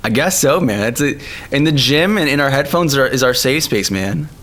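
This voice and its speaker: A man streaming live, chatting casually and excitedly, laughing often and using lots of slang. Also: medium pitch, normal speed. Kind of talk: casual live-stream chat over music. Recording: music playing faintly behind.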